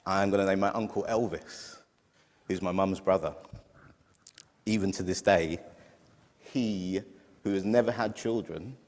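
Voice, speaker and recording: Deep-voiced man preaching in a hall. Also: measured pace, long pauses, darkish tone. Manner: heartfelt, tearful at times. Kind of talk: sermon. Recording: long hall reverb.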